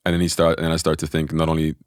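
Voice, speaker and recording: A man telling a personal spiritual story in a relaxed podcast conversation, animated and often restarting his sentences. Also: very deep voice, very fast, clear, resonant tone, no echo, studio quality.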